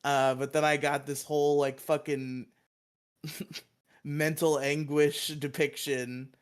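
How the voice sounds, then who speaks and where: A man's voice: a little high, takes it slowly, clear, resonant tone. A man co-hosting a podcast, eagerly retelling a show's plot in a rambling, casual way, swearing and laughing often. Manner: excited, rambling, swears and laughs often, acts out quoted lines. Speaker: podcast co-host.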